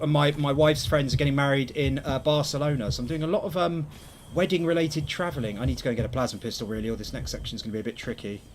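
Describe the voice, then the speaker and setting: A man's voice: medium pitch, fairly even intonation, quick pace, slight background noise. A young man chatting casually and rambling as he streams a video game, poking fun at himself. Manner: chatty, rambling, self-deprecating. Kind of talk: casual gameplay commentary.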